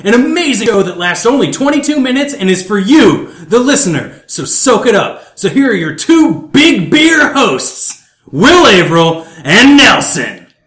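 A man opens a podcast with a hyped, jokey announcement. His voice rides high and leaps all over the place. The recording rings with a roomy echo. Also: sing-song, measured pace, fairly bright tone. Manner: hyped, tongue-in-cheek. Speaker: show announcer. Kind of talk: jokey show intro.

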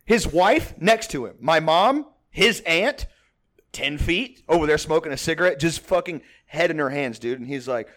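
A man's voice: a little high, animated, moderate pace, a bit bright. A man from Texas hosting a podcast, telling a family story in a rambling, profane way with frequent laughter and restarts. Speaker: podcast host. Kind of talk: casual storytelling.

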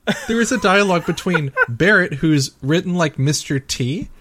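A man's voice: high voice, expressive, moderate pace, background noise. Rambling man in casual gaming chat. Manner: rambling, many fillers, mock quoting. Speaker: podcast co-host.

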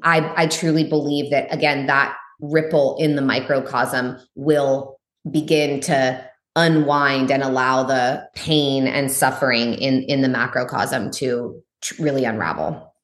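A woman's voice: fairly even intonation, a little slow, few pauses, echoey room. A woman guest on a podcast, talking bluntly and emphatically, swearing freely and saying "like" a lot. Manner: frank and blunt, swears freely, uses lots of "like"; emphatic, voice jumps high for stress. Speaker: guest, spiritual teacher. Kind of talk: candid podcast conversation.

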